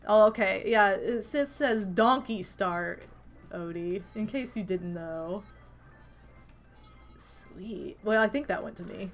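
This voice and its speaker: A woman's voice: mid-range voice, normal speed, soft background music. A young adult woman streaming from her apartment, chatting casually and animatedly with her audience. She giggles often and drops into cooing baby talk. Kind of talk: casual livestream chat.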